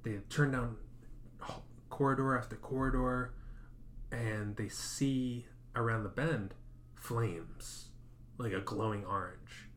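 A man co-hosting a podcast, casually recapping a horror film in animated storytelling that acts out quotes. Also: medium pitch, slow pace, slight background noise. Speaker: podcast co-host.

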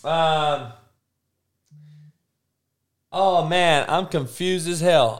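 Young dude ranting on his stream, cussing and slangy, voice jumps all over, kinda high. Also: lively intonation, very slow, long pauses. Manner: loose slangy rants with swearing and laughs. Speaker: livestream host. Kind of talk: profane casual stream talk.

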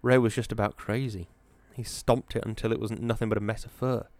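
A man voicing a blunt, rough-spoken mill worker, telling it emphatically. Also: on the low side, flat delivery, brisk, darkish tone, no room sound, lightly acted. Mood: emphatic.

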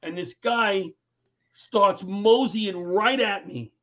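High-voiced New storyteller. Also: male voice, slow. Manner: animated, acts out the voices in his anecdotes. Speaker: guest comedian and firefighter. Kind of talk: storytelling in an interview. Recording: dull lo-fi recording.

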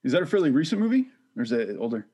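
A man's voice: medium pitch, big pitch swings, racing, warm tone, slightly rough, highs cut off. A man co-hosting a podcast, chiming in with curious follow-up questions. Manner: inquisitive, asks follow-up questions. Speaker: podcast co-host. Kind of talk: casual interview chat.

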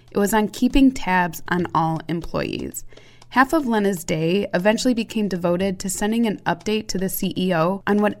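A woman gives scripted narration in a measured, explanatory tone. Her voice sits a little low for a woman.

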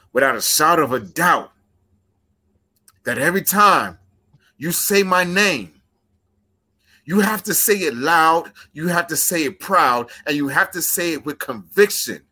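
A man cuts a wrestling promo with a bright, forceful voice. He builds his threats in steady, rhythmic repetition. Each line lands with deliberate intensity. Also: on the high side. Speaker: pro wrestler.

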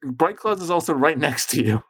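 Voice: mid-range voice, expressive, moderate pace, a bit bright, breathy edge. Casual, hesitant game master. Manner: casual, hesitant, with fillers and giggles. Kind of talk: narrating a tabletop game.

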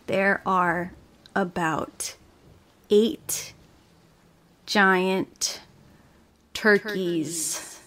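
A young woman hosting a podcast, telling a story in a casual, animated way, often laughing and acting out the people she quotes. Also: on the low side, drawn-out words, pauses often.

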